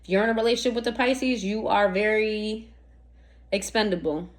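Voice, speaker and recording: A woman's voice: mid-range voice, normal speed. Blunt, cursing woman tarot reader. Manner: blunt, profane, slangy and animated; talks straight to the listener, asking rhetorical questions. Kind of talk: casual tarot reading.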